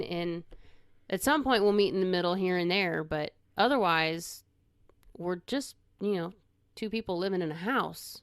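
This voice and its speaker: Female co-host, smooth lower voice, dry close mic, measured explainer. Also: expressive, no echo. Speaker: podcast co-host with her husband. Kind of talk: casual chat.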